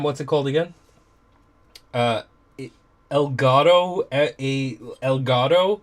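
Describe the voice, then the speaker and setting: A man's voice: mid-range voice, normal speed, a little hiss or hum. A middle-aged man chats casually on a live stream, rambling from one thought to the next and swearing freely. His talk stays easygoing and offhand. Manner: loose, profane and rambling. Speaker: music producer streaming from his studio.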